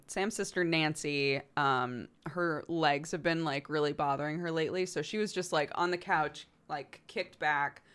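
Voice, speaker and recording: A woman's voice: low voice, fairly bright tone, smooth. A young woman who hosts a stream, telling a story casually and animatedly, filling her talk with "like" and laughs. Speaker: streamer host.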